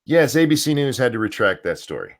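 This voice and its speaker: A man's voice: mid-range voice, sing-song, fast. A man co-hosting a casual political talk stream, speaking hesitantly and searching for his words. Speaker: co-host of a news talk stream.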